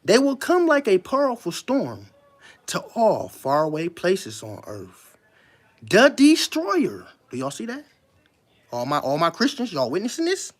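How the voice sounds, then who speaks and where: This is a commentator holding forth to an online audience in a casual, unscripted monologue. The pitch swings widely, rising sharply on repeated challenges to the listener and sinking low when reading passages aloud at a slow, deliberate pace. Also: huge pitch swings. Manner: emphatic, keeps firing rhetorical questions at listeners; reads passages aloud slowly, then comments.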